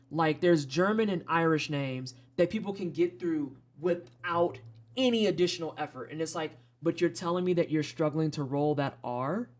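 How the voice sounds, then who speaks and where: Streamer, Midwestern American accent, average pitch; loose, frank live commentary full of tangents and casual cursing. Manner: rambling, frank, swears casually. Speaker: streamer playing game demos.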